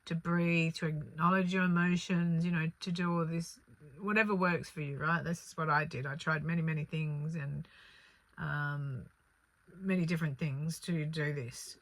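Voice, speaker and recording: Female spiritual storyteller, low-pitched but bright voice, earnest and animated, dry close recording. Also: moderate pace, dry recording. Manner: earnest, animated retelling with many fillers. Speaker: spiritual channeller.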